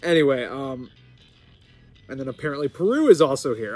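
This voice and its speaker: Excitable chatty American man. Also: mid-range voice, a little fast, dry recording, faint music behind. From United States. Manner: chatty and excitable, rambling, with sudden loud outbursts and laughs. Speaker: gaming channel host. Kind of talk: casual gameplay commentary.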